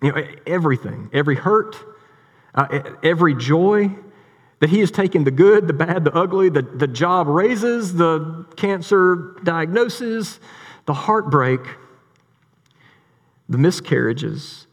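Pastor preaching in a reverberant hall. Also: male voice, fairly high pitch, measured pace. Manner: conversational, animated storytelling with repeated words. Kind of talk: sermon. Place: church sanctuary.

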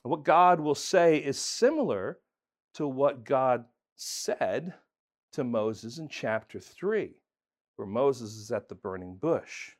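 A man's voice: medium pitch, lively intonation, slow. A man preaching a sermon as pastor, earnest and emphatic, talking conversationally with fillers and restarts.

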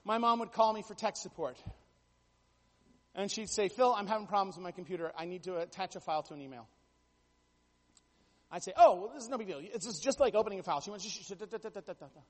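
A man's voice: high voice, animated, fast, pauses often, long reverb tail. A man preaching a sermon, telling stories with jokey asides and building to emphatic bursts. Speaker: pastor.

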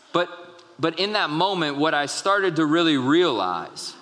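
A pastor preaching in a church sanctuary, his slightly raised voice carrying a long hall reverb. He tells stories the way he would chat, breaking off to check in with the congregation. He is a young adult man speaking with easy warmth from the pulpit. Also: a little high. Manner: conversational storytelling with asides to the congregation. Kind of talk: sermon.

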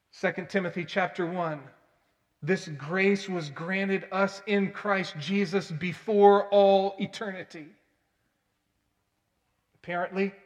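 A man preaching a sermon, telling stories earnestly and breaking into loud, emphatic bursts. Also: high voice. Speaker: pastor. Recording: long hall reverb.

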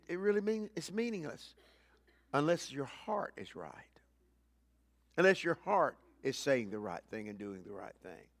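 In a clean studio recording without room sound, a man preaches as a pastor. He swings from loud, emphatic lines to quiet, low asides, repeating his key phrases.

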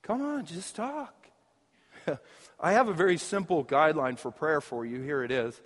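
A high-voiced man preaches with lively, joking energy and laughs often between his points. His voice carries a long reverb, as if he is speaking in a large hall. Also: measured pace. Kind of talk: sermon.

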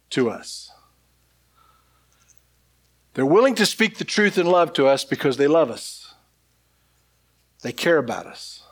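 Man preaching a sermon in a fairly high voice. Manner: rhetorical questions and repeated phrases. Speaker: pastor.

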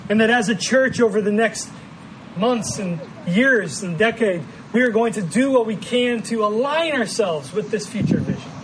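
A man from the American Midwest with a Midwestern accent, preaching an earnest, measured sermon as pastor and often repeating words as he finds his phrasing. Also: high-pitched, expressive, noisy background. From Midwestern United States.

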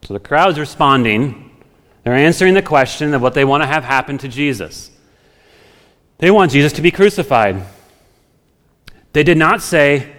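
A man's voice: on the high side, lively intonation, normal speed, pauses often, a bit bright. A man preaching a sermon as pastor, talking it through in a conversational way with everyday examples from home. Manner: conversational, thinks aloud with homely examples. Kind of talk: expository sermon. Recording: long hall reverb.

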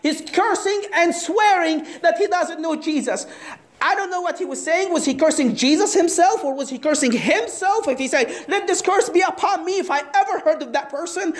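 A woman preaching a sermon, asking the audience questions and acting out the story. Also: extremely high pitch. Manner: animated, asks the audience questions.

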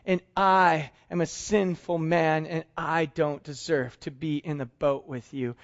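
A man's voice: high voice, moderate pace, lo-fi sound, natural voice. A man acting out a remorseful, blunt fisherman who pleads and blames himself. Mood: pleading. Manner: earnest, pleading, self-reproaching.

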